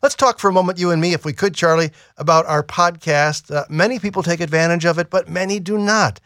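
A man's voice: fairly high pitch, a little fast, fairly bright tone, no echo, studio quality. A man co-hosting a religious radio program, announcing in a friendly, upbeat, conversational way.

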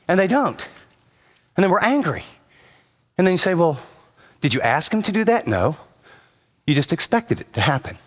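A middle-aged man preaching a sermon, animated, acting out the people he quotes, moving between soft and emphatic delivery. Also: a little high, moderate pace, long pauses. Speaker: pastor. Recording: long reverb of a hall.

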